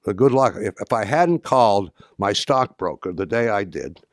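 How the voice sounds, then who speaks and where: An older man tells a story to an audience in a low, unhurried-sounding voice, stumbling over restarts and slipping in dry humor. The sound is close and dry, with no room around it. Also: expressive, no echo. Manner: halting, many restarts and fillers, dry humor. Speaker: speaker addressing an audience. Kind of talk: anecdotal talk.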